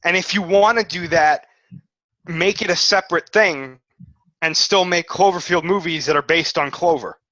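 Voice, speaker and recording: Man, podcast co-host, casual, animated reasoning, dull lo-fi sound. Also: fairly high pitch, moderate pace, dry recording. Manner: animated, reasoning out loud with restarts. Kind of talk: casual chat. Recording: dull lo-fi audio.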